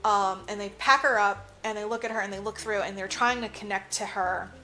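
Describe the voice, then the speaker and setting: A woman's voice: medium pitch, fairly even intonation, a little fast, bright, forceful tone, slight background noise. A woman co-hosting a podcast, casually recapping a movie plot, swearing freely and acting out the characters' lines. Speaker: podcast co-host.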